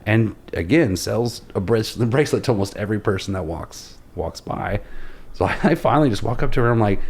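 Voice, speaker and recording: A man in his thirties from Oklahoma tells a long travel story in a loose, rambling way and pokes fun at himself. His voice sits fairly low and has a steady gravelly fry. He talks as a podcast guest in relaxed conversation. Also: brisk. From Oklahoma, USA. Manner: rambling, self-deprecating anecdotes. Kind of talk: casual storytelling.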